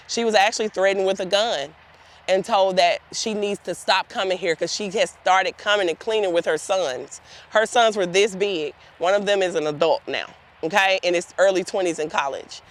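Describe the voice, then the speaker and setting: A woman giving a guided tour outdoors in a cemetery, telling heartfelt stories straight to her group of volunteers. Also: mid-range voice. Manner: earnest, heartfelt storytelling addressing the group directly.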